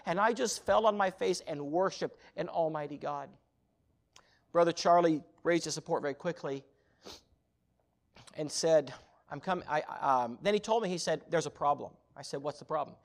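A man preaching a sermon as a missionary, telling a story with animated, rising passion. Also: on the high side, normal speed, gravelly.

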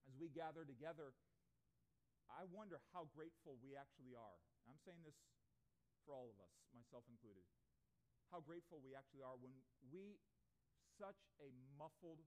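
A pastor preaching an earnest sermon to a congregation, full of rhetorical questions. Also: male voice, a little high, lively intonation, normal speed, darkish tone. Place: church before a congregation.

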